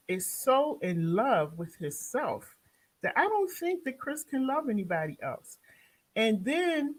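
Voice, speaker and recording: A woman from Baltimore with a Baltimore accent, hosting her own show and recapping a reality series in a casual, animated way, talking back to the people on screen. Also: fairly low pitch, breathy edge, poor audio. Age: young adult or middle-aged, has a son.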